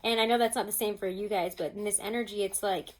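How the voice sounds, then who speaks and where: At home with pets nearby, a woman gives a casual tarot reading, chatting with her viewers and using many fillers. Her medium-pitched voice is steady and fast, and the audio quality is poor.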